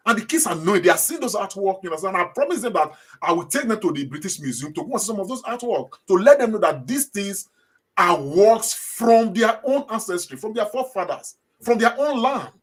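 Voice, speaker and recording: A middle-aged man with a Nigerian accent talks on a show in a slightly high voice. He rambles, leans on fillers, and restarts his sentences often. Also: big pitch swings, brisk, husky. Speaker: talk show host. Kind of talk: casual commentary.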